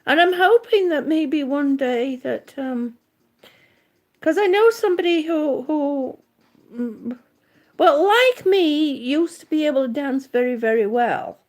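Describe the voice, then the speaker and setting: Reading comments aloud and greeting each viewer in turn, a high-pitched, out-of-breath vlogger talks slowly and casually. Her voice is expressive and a little mellow, and her looping sentences trail off and begin again.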